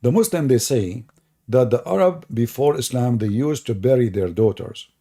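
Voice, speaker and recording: Mocking man with a gravelly voice. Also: medium pitch, expressive, normal speed, dark tone. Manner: sarcastic, mocking, rhetorical questions, chuckles. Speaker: online religious debate host. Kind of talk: mocking livestream commentary.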